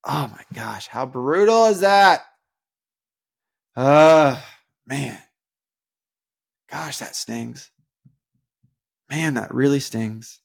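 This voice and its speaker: Gravelly earnest man in devotional talk. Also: medium pitch, extremely slow, pauses often. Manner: rambling and earnest, many fillers and restarts, bursts of animated emphasis. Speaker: podcast host. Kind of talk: casual devotional podcast talk.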